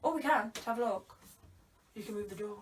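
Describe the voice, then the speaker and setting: A woman's voice: mid-range voice, brisk. Woman, home vlog, casual teasing chat, camera mic from a distance, noisy background. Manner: chatty, teasing banter with the person filming. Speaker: vlogger. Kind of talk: casual chat while assembling furniture.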